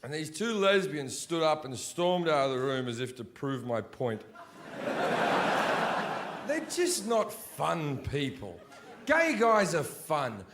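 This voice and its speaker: High-pitched, crude stand-up comedian. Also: male voice, sing-song, takes it slowly, slight background noise. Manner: crude, swearing, mimics voices in his stories, swings from mutters to shouts. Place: comedy stage before an audience.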